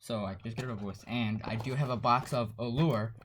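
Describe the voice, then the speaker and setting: A man hosting a casual card-unboxing vlog, talking quietly in a half-whisper, sarcastic and dismissive. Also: medium pitch, fairly even intonation, fairly quick. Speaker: card-opening channel host. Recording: noisy home recording with pack crinkling.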